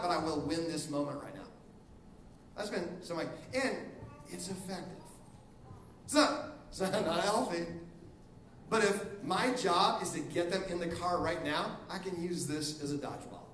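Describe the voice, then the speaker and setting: A man's voice: high-pitched, echoey room, far from the mic, a little hiss or hum, poor audio. A middle-aged man preaching as a guest pastor in a casual, joking sermon style, acting out little quotes as he goes. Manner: animated, joking, acts out quotes. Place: church auditorium.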